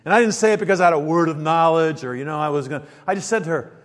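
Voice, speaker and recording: A man with a fairly high voice preaches a storytelling sermon. He drops into hushed, nearly whispered asides, then climbs to loud, emphatic lines. A long reverb trails every word, as in a large hall. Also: very fast. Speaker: pastor.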